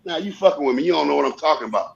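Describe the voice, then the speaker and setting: Gravelly fervent man on a muffled call. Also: on the high side, lively intonation, racing. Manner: fervent, rambling, repeats phrases. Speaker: panel guest. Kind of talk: casual panel chat.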